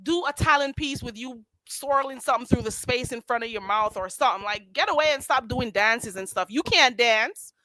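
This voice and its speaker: Woman host, higher pitch, bright, sassy commentary. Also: brisk, few pauses, no echo. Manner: sassy, animated, laughing often. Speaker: livestream host. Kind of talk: casual commentary chat.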